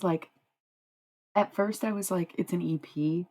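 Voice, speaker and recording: Low-voiced woman streamer chatting casually. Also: unhurried, a little mellow, poor audio. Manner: chatty, laughs often, swears casually. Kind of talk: casual live-stream chat.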